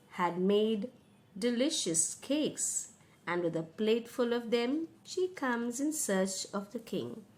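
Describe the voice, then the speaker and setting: Woman teacher, slow and patient explanations, fairly high voice. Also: a little mellow. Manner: patient, paraphrases each passage in simple words. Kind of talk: explaining a school reading lesson.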